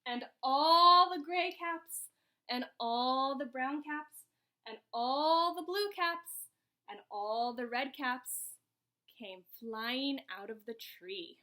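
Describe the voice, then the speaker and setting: A woman teacher doing an animated read-aloud for children, asking them questions as she goes, recorded over a video call. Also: high-pitched, takes it slowly. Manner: animated, asks listeners questions.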